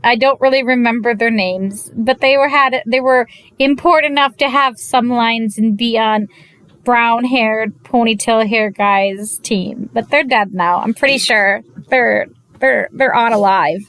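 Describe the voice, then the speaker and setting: A woman giving a casual, animated recap of an anime episode, gushing and exasperated by turns, slipping into quick quoted voices of the characters. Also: a little high, no room sound. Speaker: anime reviewer.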